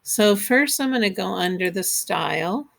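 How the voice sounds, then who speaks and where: A woman teacher records a computer screen tutorial for her students. Her voice sits at a middle pitch with a strong gravelly fry. She explains each step patiently and plainly. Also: lively intonation, moderate pace, a bit bright.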